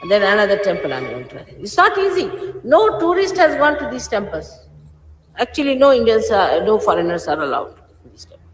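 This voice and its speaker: A woman's voice: mid-range voice, very animated, brisk, a little hiss or hum. Stern woman in her sixties, scolding. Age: 60s. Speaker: spiritual teacher. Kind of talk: addressing followers. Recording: roomy archive recording with long hall reverb.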